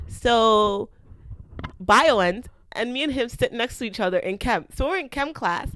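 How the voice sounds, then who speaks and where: A young woman from Canada hosting a podcast, telling a school story in a chatty, animated way and acting out the quotes. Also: fairly high pitch, measured pace, dry recording. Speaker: podcast host. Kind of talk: casual storytelling.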